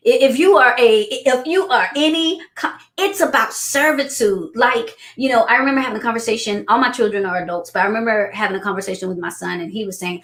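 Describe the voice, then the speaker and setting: Animated woman speaking in an echoey room. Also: quick pace, hardly any pauses. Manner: animated storyteller, acts out quotes in high voices. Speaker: guest business coach. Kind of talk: casual chat.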